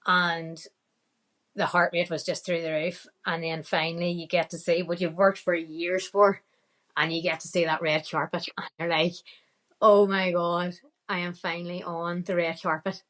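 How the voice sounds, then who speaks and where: A woman's voice: lowish voice, level tone, moderate pace, a bit bright. A woman with a Northern Irish accent, a podcast guest telling a story casually, quoting her own thoughts and laughing often.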